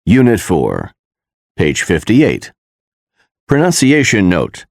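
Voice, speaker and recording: Low gravelly guy reading textbook audio cues, very dry recording. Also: darkish tone, dry recording. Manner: slow, deliberate, instructional. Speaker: audio announcer. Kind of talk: scripted textbook audio announcing.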